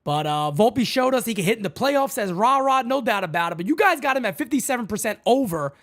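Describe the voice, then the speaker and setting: A woman hosting a fan channel in a casual live-stream sports chat from her home setup. She is excitable and chatty and keeps calling the audience "man" and "folks". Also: fairly high pitch, fast.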